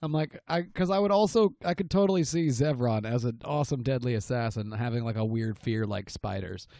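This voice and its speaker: A man's voice: medium pitch, brisk, vocal fry, warm tone, no room sound, clean studio sound. A man co-hosting a podcast, cracking wry jokes in casual chat. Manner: wry, joking. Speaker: podcast co-host.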